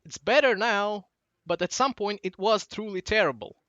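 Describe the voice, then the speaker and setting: A man's voice: high voice, normal speed, a bit bright, no room sound, lo-fi sound. A young man in his late teens with a Russian accent, rambling through a casual monologue that drifts off track. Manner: digressive, loses his train of thought. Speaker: channel host.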